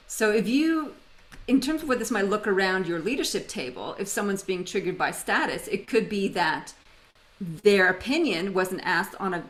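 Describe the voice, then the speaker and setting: A woman's voice: medium pitch, a bit bright, low-quality recording. A woman from Canada, presenting a webinar in a conversational way and telling personal stories with humor over a video call microphone. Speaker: webinar facilitator.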